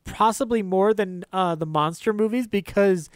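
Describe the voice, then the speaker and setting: A man co-hosting a casual film podcast, animated and quick to laugh, acting out quotes in a higher voice. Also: no room sound, studio quality. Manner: animated, laughs often, acts out quotes in a high voice. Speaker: podcast co-host discussing old films. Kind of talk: casual chat.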